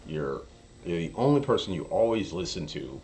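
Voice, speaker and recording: Deep, animated man chatting on stream. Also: moderate pace, slight background noise. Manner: animated storyteller, acts out quotes in high voices. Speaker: poker streamer. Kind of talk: casual chat while streaming. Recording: faint music behind. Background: faint music.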